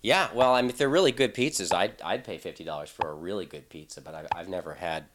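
A man's voice: deep voice, fast talker, a bit bright. A middle-aged man, a voice actor, chatting in an interview in a playful, joking way. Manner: playful, joking, breaks into laughs. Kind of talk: casual interview chat.

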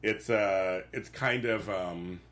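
A man's voice: low-pitched, takes it slowly, fairly bright tone. A man in a casual chat recapping a sitcom episode, rambling with many restarts and fillers. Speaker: podcast co-host.

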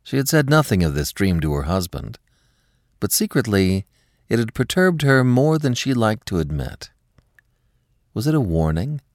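A man narrating a classic short story for an audiobook podcast in a measured, expressive style. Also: lowish voice, dry recording, studio quality.

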